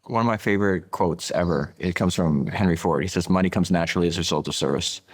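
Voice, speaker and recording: A male podcast host who talks quickly and eagerly, tripping over his words as he chases a thought. His voice sits fairly low and rushes ahead. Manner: fast, enthusiastic, restarts often. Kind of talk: conversational interview.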